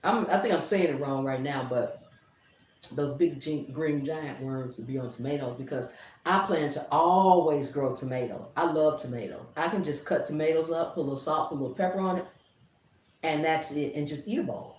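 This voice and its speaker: Middle-aged woman vlogger, animated and laughing, mid pitch, recorded a bit off-mic in an echoey space. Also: normal speed. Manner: laughs often, animated storyteller. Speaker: gardening vlogger. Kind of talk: casual storytelling to camera. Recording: roomy, a bit distant.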